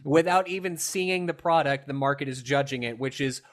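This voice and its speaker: A young man hosting a casual podcast, animated and laughing, with lots of fillers. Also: a little high, normal speed. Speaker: podcast host. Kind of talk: casual chat.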